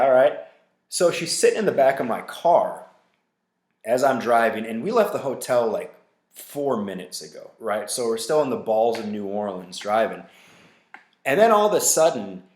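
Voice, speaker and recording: A man hosting a podcast, telling a story casually in a loose, profane, animated way with lots of fillers. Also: medium pitch. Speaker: podcast host. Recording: roomy echo.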